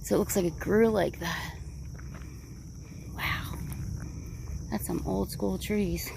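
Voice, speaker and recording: A woman vlogging as she walks a wooded park trail, chatty, rambling and excitable, a little out of breath. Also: mid-range voice, slow, vocal fry. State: slightly out of breath. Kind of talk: casual walking vlog narration. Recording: outdoor recording, crickets and faint background noise.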